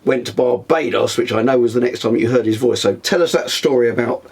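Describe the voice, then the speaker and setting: Male host, husky, mid-pitched, relaxed interviewer. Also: fairly quick. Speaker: host interviewing his father. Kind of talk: casual interview.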